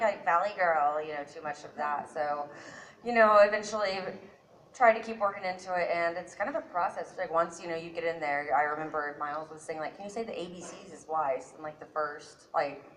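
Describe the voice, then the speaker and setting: A woman who is a voice actress, answering on a convention panel in an animated, playful way with lots of fillers. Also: sits low, rough recording.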